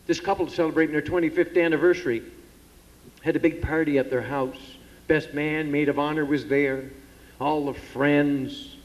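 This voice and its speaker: A man's voice: fairly high pitch, fairly even intonation, normal speed. Folksy man telling jokes in a hall. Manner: folksy, self-deprecating about getting old. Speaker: comedian entertaining at a pageant. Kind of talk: stand-up joke telling to a live audience. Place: theatre stage. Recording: dull, muffled hall recording with long reverb.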